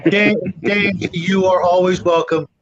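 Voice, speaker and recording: A man in a casual online chat, talking in a warm, rambling way with many fillers. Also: high-pitched, steady tone, a little slow, lo-fi sound.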